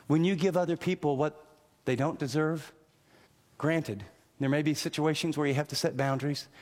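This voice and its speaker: A man preaching a radio sermon, animated, acting out inner voices and swinging between emphatic and earnest. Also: mid-range voice, in a large hall. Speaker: pastor.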